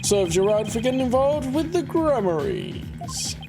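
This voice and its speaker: A woman's voice: a little high, big pitch swings, unhurried, over music. A woman voicing a smug, slick male TV producer who sneers and drawls.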